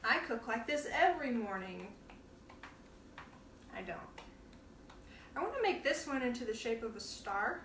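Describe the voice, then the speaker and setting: A woman's voice: fairly high pitch, very animated, measured pace, pauses often, fairly bright tone, recorded from a distance, a little hiss or hum. A woman hosting a casual cooking demonstration in her home kitchen, chatting playfully and laughing often as she works. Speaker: cooking show host. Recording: roomy kitchen sound, from off the mic.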